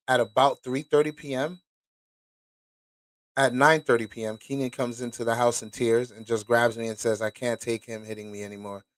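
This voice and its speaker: A man with a lowish voice hosts a show, reading documents aloud and breaking off for casual, profane commentary. The recording is dry.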